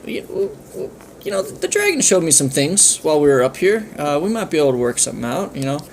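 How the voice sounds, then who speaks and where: A giggly young princess, as a man telling a story puts her on, speaks in a high, airy falsetto. She sounds breezy and unbothered. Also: big pitch swings, fairly quick, gravelly, slight background noise.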